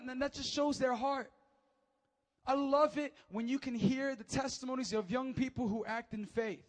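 A young man preaching a sermon from a church stage, animated and acting out the quotes as he tells the story. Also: high-pitched, moderate pace. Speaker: pastor. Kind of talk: lively sermon. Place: church stage before a congregation.

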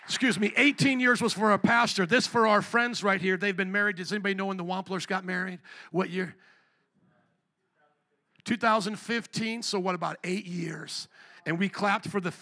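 A male pastor preaching a live sermon in a church, energetic, questioning the congregation and calling for responses. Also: sits high, gravelly. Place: church sanctuary.

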